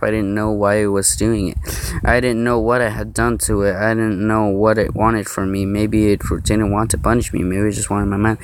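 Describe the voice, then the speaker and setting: A man's voice: fairly low pitch, poor audio. A man reading a horror story aloud in a mock-serious way, breaking off with joking asides. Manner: joking asides and laughs between narration. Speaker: story reader.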